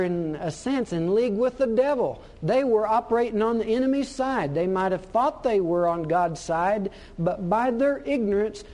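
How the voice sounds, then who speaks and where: A man's voice: high-pitched, dark tone. A man preaching a sermon, emphatic and fond of repeating his key phrases for weight.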